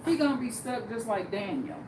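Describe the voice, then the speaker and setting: This livestream host speaks briskly in a slightly high voice, telling stories bluntly and casually while performing the people she quotes. Background noise fills the echoey room.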